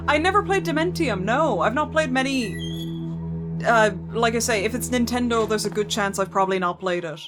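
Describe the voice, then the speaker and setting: A slightly high-voiced woman with lively intonation talks at a normal pace over music. She's live-streaming a horror game, chatting and joking, swearing casually and talking to the characters as she plays.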